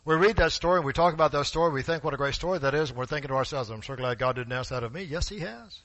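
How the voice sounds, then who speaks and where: Man, preacher, sermon, emphatic, forceful peaks, bright tone, dry sound. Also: fairly high pitch, rapid-fire, no room sound, highs cut off. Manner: talks directly to the congregation. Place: church sanctuary.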